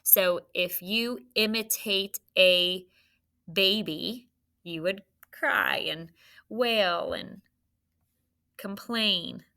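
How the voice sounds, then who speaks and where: Patient woman teacher, slow and bright, sounding out phonics for young kids. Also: medium pitch. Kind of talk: phonics lesson for young children. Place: classroom.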